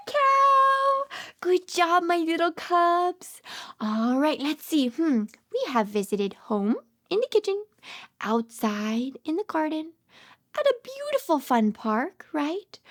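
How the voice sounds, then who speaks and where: A woman speech therapist reading a picture book aloud to toddlers, coaxing with questions, gasping with delight and dropping into whispers. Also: high voice. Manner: coaxing, asks the child questions.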